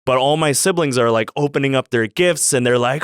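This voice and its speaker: A man with a smooth, resonant voice tells a childhood story on a podcast. He rambles and stalls on fillers, and the sound is close and dry. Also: mid-range voice, fairly quick, dry recording. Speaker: guest storyteller.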